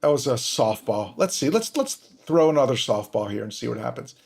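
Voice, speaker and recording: A man's voice: medium pitch, lively intonation, brisk, gravelly, darkish tone. A man hosting a podcast, commenting on recorded calls with sarcastic, exasperated asides. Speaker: podcast host.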